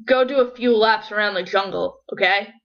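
A woman's voice: medium pitch, normal speed, vocal fry, close to an everyday voice. Woman as sleepy grouchy snake, growly, storybook, lo-fi. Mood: grumpy. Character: sleepy, rude male python. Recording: dull lo-fi recording.

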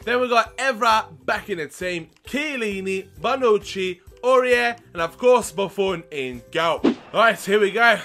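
Young guy, gameplay commentary, high-pitched, bright edgy tone, shouts when excited. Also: measured pace, hardly any pauses, faint music behind. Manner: excitable, shouts at big moments, chatty. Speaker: gaming video host.

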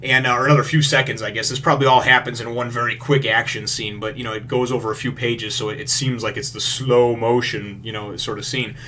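A man's voice: medium pitch, fast talker, few pauses, a little hiss or hum. A man with a mid-range voice recaps a manga chapter in a loose, filler-packed way. He swears casually and gets worked up as he retells the fight scenes. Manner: rambling, filler-heavy, swears freely; gets excited retelling action. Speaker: manga review host.

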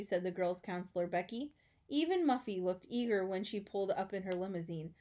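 A woman teacher reading a children's storybook aloud, expressive with chatty asides. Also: mid-range voice, a little fast.

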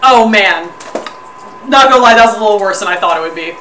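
A woman streamer chatting casually to her viewers, loudly exclaiming and laughing while suffering through a spoonful of wasabi. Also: mid-range voice, fast talker, echoey room, distant mic, slight background noise. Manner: exclaiming and laughing, talks to chat. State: sniffly and pained from wasabi. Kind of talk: casual live-stream chat. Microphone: desk mic, sometimes clipping.

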